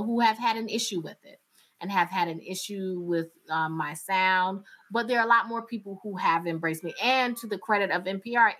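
A radio journalist from North Carolina, with a North Carolina Southern accent, talking candidly and animatedly in an interview, often laughing. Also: female voice, medium pitch, a bit bright. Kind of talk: interview conversation.

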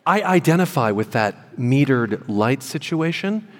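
A man hosting a radio show, interviewing a comedian in a lively, joking way. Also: medium pitch, unhurried, long reverb tail. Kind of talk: casual interview.

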